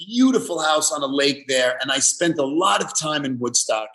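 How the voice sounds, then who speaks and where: Halting New man, slightly high. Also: lively intonation, a bit bright. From the Bronx. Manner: halting, restarts often. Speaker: actor guest. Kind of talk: casual interview chat.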